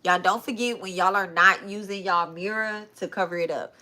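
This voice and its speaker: A spiritual reader hosting a live stream chats loosely with her viewers, calling them y'all. Her mid-range voice has a sharp tone, fairly even intonation and a moderate pace.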